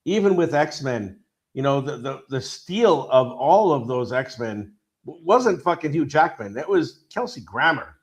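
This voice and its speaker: A man's voice: medium pitch, expressive, unhurried. A man in casual podcast chat, rambling and swearing as he retells a story and acts out the quotes. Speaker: podcast co-host.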